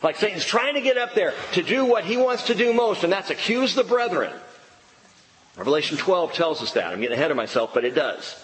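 A man preaching an expository sermon, emphatic and animated, swinging between excited and low earnest tones. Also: a little fast. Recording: long reverb of a large hall.

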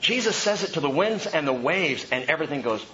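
A man preaching an expository sermon in an animated way, dropping to a hush and rising loud for emphasis. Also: a little high, a little fast, highs cut off, noisy background.

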